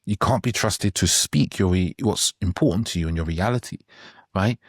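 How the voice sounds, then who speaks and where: Deep-voiced man coaching on relationships. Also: moderate pace, breathy edge, no echo, clean studio sound. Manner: conversational, frequent "right?" check-ins. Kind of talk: podcast monologue.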